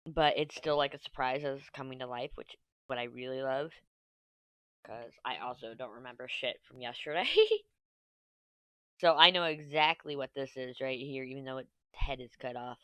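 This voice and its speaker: A woman vlogging casually while she crafts, chatty and self-mocking, thinking her plans out loud. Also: a bass voice, animated, moderate pace, smooth, dry recording.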